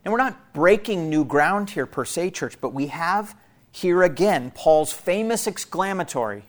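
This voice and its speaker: A man's voice: high voice, lively intonation, a little slow. A man preaching an expository sermon, earnest and emphatic, posing rhetorical questions to his church. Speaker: pastor.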